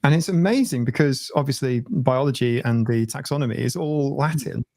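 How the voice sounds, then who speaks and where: British bloke hosting a stream, mid voice, laughs a lot, dry close mic. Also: male voice, medium pitch, warm tone, dry recording. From Britain. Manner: laughs often, quick to agree. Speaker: host. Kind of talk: casual chat.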